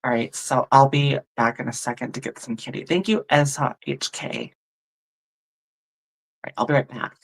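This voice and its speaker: A woman's voice: very deep voice, steady tone, normal speed, gravelly, long pauses, husky. A woman hosting a tarot livestream, chatting casually, musing aloud and thanking viewers by name. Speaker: tarot reader and livestream host.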